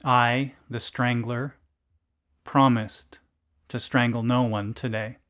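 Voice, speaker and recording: Slow, deadpan male storyteller. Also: mid-range voice. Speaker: narrator. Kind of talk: scripted story narration.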